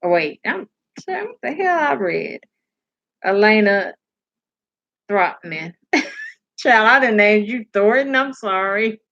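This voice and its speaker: A woman's voice: medium pitch, expressive, slow, creaky, long pauses, fairly bright tone, highs cut off. A sleepy woman hosting a casual live stream, rambling, laughing and answering comments from her chat.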